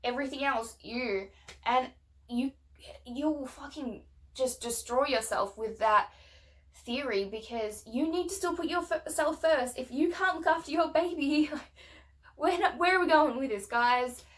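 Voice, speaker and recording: A woman's voice: high voice, measured pace. A young woman venting in a casual rant to camera, blunt and swearing often, emphatic and heated. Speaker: vlogger.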